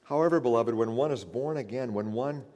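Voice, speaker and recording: A male pastor preaching a sermon, building to loud, emphatic outbursts and then easing back into a steadier explaining voice. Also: mid-range voice, fairly quick. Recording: reverberant hall.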